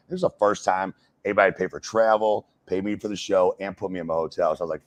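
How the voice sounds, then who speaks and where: Deep-voiced, profane storytelling man. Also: steady tone, fast talker, few pauses, no room sound. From United States. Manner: profane storyteller, lots of fillers. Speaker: wrestler and stand-up comic guest. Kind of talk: casual uncensored interview.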